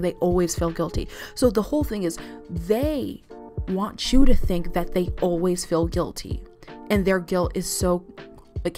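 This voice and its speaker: A woman's voice: fairly low pitch, a little mellow. A woman vlogger giving relationship advice in a chatty, rambling way, with lots of "like" fillers. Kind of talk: casual advice talk to camera.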